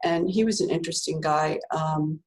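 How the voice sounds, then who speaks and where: A woman's voice: low-pitched, steady tone, moderate pace, rough recording. Chatty older woman telling a story. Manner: chatty, laughs often, many fillers. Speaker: guest author. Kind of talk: animated storytelling.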